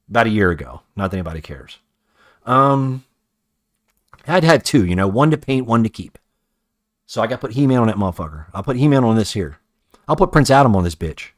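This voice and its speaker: A man casually talking while painting a toy in a cluttered workroom, rambling, swearing often and criticizing his own work. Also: on the low side. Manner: rambling, profane, self-critical muttering. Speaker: toy customizer.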